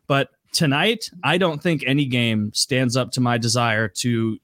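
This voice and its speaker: A man's voice: medium pitch, measured pace, fairly bright tone, no room sound, clean studio sound. A man co-hosting a podcast in casual chat, laughing often and restarting his sentences. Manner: laughing, hesitant, with many restarts. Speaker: podcast co-host.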